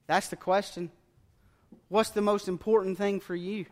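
A man preaching a sermon in a church, telling a story in an animated, plain-spoken way. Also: high-pitched, normal speed. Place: church sanctuary. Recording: long church reverb with faint music.

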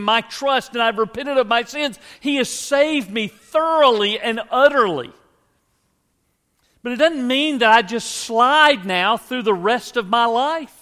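A man's voice: extremely high pitch, sharp tone. A man preaching a sermon as pastor, earnest and conversational, asking the congregation rhetorical questions. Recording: long hall reverb.

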